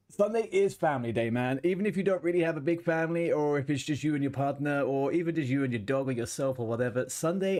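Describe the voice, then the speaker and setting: A man's voice: medium pitch, darkish tone. A man streaming a game, chatting casually and rambling between tasks, swearing now and then. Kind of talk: casual gaming chat.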